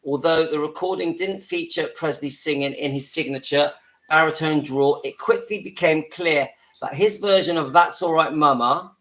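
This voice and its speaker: A man's voice: fairly high pitch, moderate pace, a little hiss or hum, rough recording. Chatty man hosting a livestream. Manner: chatty, talks to viewers, breaks off to hush children. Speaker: livestream host. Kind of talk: casual live-stream chat. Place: home with family around.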